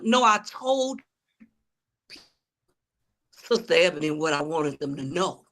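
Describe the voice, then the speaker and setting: This woman has a lowish, fairly bright voice with lively intonation, a measured pace, and long pauses. As an author and preacher giving testimony-style interview talk, she tells her story preachily and calls to the audience as "y'all."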